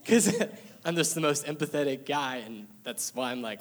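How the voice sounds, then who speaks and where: A man's voice: mid-range voice, moderate pace. A young man sharing an earnest, emotional personal testimony at a church service, with bits of light laughter.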